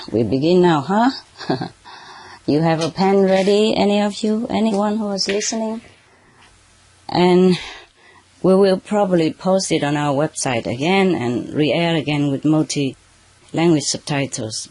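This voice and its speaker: A spiritual teacher addressing a live audience under spotlights, speaking halting, non-native English and often checking in with "okay" and "huh". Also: medium pitch, darkish tone, no room sound. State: slightly emotional at moments. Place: under bright spotlights, indoors.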